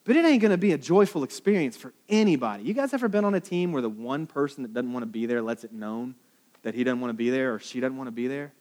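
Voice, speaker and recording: A man's voice: mid-range voice, lively intonation, fast, darkish tone. A man preaching a sermon, telling stories in a casual, conversational way and acting out quoted lines. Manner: storytelling, conversational, with dramatic quoted asides. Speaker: pastor.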